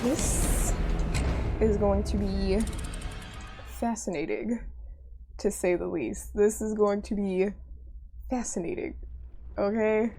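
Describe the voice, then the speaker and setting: A woman's voice: mid-range voice, vocal fry. A woman streaming a game, chatting casually with viewers, reading their messages aloud and answering with playful mock outrage. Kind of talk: casual gameplay chat with viewers.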